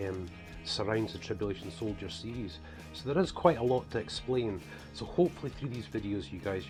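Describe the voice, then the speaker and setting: A man from northeast Scotland with a toned-down Scottish accent, an author and preacher talking casually to camera, rambling with lots of "you know" and "guys". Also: lowish voice. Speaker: author and preacher presenting his book series.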